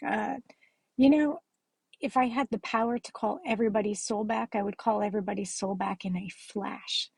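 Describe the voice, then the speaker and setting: A woman making an earnest, emotional appeal straight to her viewers, upset and tearful, halting often with filler sounds. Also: medium pitch, fairly even intonation, gravelly, slightly rough, no room sound, poor audio. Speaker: spiritual vlogger. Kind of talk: emotional direct-to-camera appeal.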